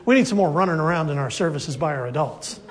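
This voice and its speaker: A man preaching a sermon at a church service, lively and acting out the voices of his congregation. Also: a little high, fast talker. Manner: animated, acts out congregation voices. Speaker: pastor.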